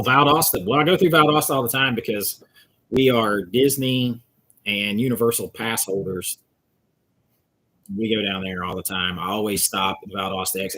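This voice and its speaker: Here a channel host from Georgia in the US South talks casually on a livestream in a husky, slightly bright voice that sits on the low side. He's chatty and rambling, reading out comments from viewers as he responds to the live chat.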